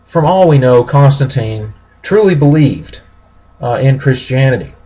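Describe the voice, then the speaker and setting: A man giving a recorded history lecture, explaining steadily with pauses and small self-corrections. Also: medium pitch, animated, mellow, breathy edge, low-quality recording.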